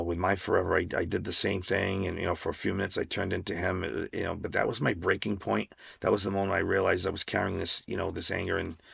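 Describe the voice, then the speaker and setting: A man's voice: fairly low pitch, vocal fry, a bit bright, slightly rough, dry recording. A man hosting a podcast, talking through a personal reflection in a rambling way with many restarts and fillers. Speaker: podcast host. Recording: dull lo-fi sound.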